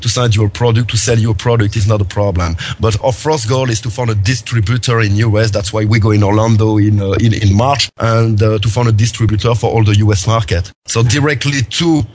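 Lower-voiced man with a French accent. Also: steady tone, darkish tone. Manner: halting, repeats words while searching for English. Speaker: guest, company representative. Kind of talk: podcast interview.

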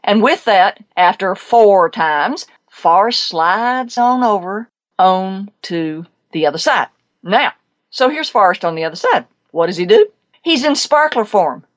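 Lively woman telling a pet story. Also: medium pitch, a little slow, highs cut off. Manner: lively, emphatic, chatty. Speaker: show host and pet psychic. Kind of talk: animated storytelling on a talk show.

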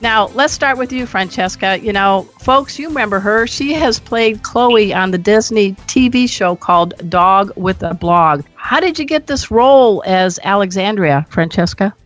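A woman's voice: medium pitch, animated, normal speed, few pauses, dry recording, soft background music. A woman hosting a radio interview show, upbeat and chatty, generous with praise for her guests.

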